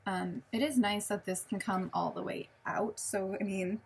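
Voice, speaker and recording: A woman's voice: medium pitch, normal speed, gravelly, husky. A woman, chatting casually in a show-and-tell vlog, rambling with many ums and self-corrections. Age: late 20s. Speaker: vlogger.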